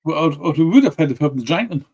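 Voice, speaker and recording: A man's voice: fairly high pitch, big pitch swings, quick pace, darkish tone. A man, co-hosting a whisky tasting and chiming in with brief agreement. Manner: brief agreeing interjections, laughs often. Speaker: co-host. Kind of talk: casual tasting chat.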